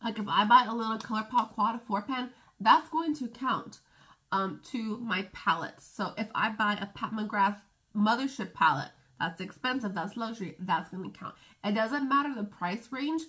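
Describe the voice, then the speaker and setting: A woman's voice: on the high side, normal speed, bright, forceful tone. A woman beauty vlogger chatting casually to camera, rambling and laughing at her own stumbles.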